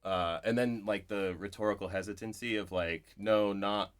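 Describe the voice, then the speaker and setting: A man with a very low voice talks through his ideas at a live bookshop event. He is a poet, reflective and digressive, often checking in with "right?" as he builds a thought. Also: normal speed. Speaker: poet, interview guest.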